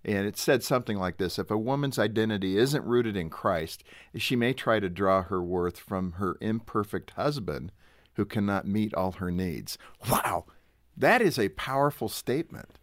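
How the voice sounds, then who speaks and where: A man's voice: fairly low pitch, lively intonation, moderate pace, no room sound, clean studio sound. A man hosting an interview, affirming and reflective, asking his guests leading questions. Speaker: radio show host.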